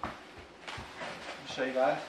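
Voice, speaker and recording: A young father unboxes a product for his vlog, hyped and playful, speaking straight to viewers at an unhurried pace. It's shot on a phone camera held at a distance, so the sound is roomy, with faint ambience and a little hiss or hum.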